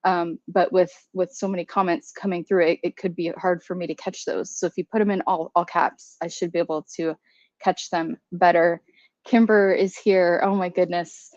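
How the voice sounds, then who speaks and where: A flustered woman chats casually on a livestream, greeting viewers and owning up to her nerves. Her voice sits a little low. The sound is dry and slightly dull. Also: fairly even intonation, normal speed, a little mellow, no room sound. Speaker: candle brand owner.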